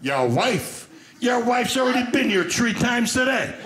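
A man's voice: extremely high pitch, very animated, measured pace, very noisy, voice pushed up, exaggerated voice. A man doing pushy, wheedling Italian cookie elves. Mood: coaxing. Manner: wheedling, tempting. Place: comedy club stage. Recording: roomy stage sound with loud audience laughter.

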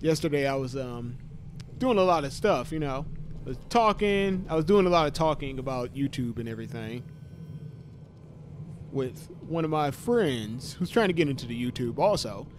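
A man's voice: mid-range voice, animated, moderate pace, a little hiss or hum. A man in his thirties with a sore voice from talking too much, joking to himself and yelping at scares as he plays a horror game. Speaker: gaming YouTuber.

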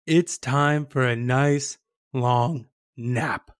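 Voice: medium pitch, expressive, normal speed, husky, no room sound. A storyteller voicing a small, sleepy talking mask who mumbles drowsily, close to the teller's own voice. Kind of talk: storybook character voice.

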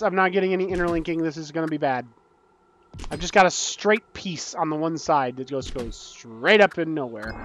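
A young man who makes gaming YouTube videos gives casual, excitable commentary as he plays, his voice a little high. He breaks into panicky outbursts and jokes about his own skill, with slight background noise behind him.

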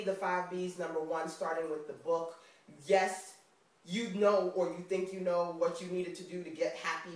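A woman with a New York accent talking casually to camera in a motivational vlog, chatty and expressive and often laughing. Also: lowish voice, recorded from a distance. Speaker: vlogger. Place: indoors on camera. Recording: very echoey room, off mic.

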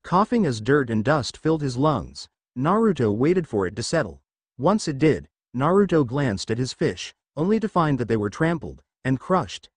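A man reads a fan fiction story aloud as its narrator. His delivery is expressive, with a lively, animated pitch, and the recording is close and dry with no room sound. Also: normal speed, slightly rough, dry recording. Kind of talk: fan fiction audiobook reading.

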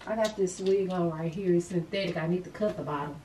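A woman's voice: lowish voice, a little fast, a little hiss or hum. A middle-aged woman, talking casually to camera in a daily vlog, chatty and laid-back. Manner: chatty and laid-back, loud and excited at times. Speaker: vlogger.

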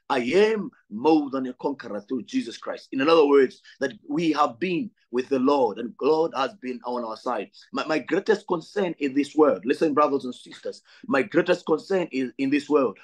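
A man's voice: mid-range voice, expressive, moderate pace, hardly any pauses, low-quality recording. A man from Zambia, a pastor preaching a sermon with a repetitive, building delivery and direct appeals to his brothers and sisters.

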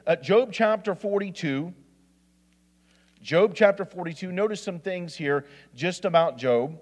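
An assistant pastor from Indiana, high-voiced and unhurried, delivers a sermon, reading scripture and stumbling into restarts and asides. The recording is in a church sanctuary, where a long reverb trails his words.

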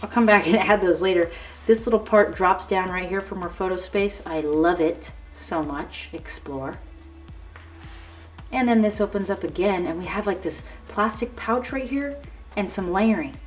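A woman's voice: medium pitch, normal speed. Gushing, chatty woman tutorial host. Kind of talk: casual show-and-tell demonstration. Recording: slightly distant mic with faint background music.

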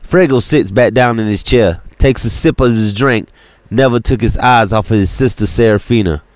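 A man's voice: mid-range voice, normal speed, dry recording. Man reading an audiobook, dry sound. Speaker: audiobook narrator. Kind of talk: scripted narration.

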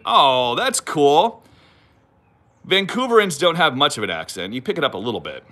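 Lively, bright-voiced Californian man. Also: on the high side, normal speed. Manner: rambling and self-mocking, reads viewer comments aloud. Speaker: channel host. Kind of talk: casual livestream chat. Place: home, moves about the property. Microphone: phone.

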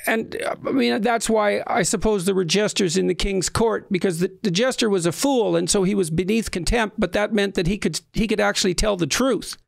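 High, gravelly-voiced man asking probing questions. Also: no echo, studio quality. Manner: measured, probing, with frequent restarts. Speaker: podcast co-host. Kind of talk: conversational interview.

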